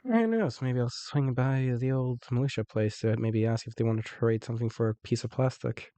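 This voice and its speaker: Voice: medium pitch, normal speed, mellow, dry recording. An easygoing player casually explaining the route to teammates during a game. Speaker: teammate guiding the group. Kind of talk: casual gaming chat.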